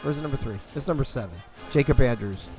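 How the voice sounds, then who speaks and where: A man's voice: mid-range voice, fast, darkish tone, soft background music. A young man calling a football video game live on a stream, loose and profane, talking to his chat between plays.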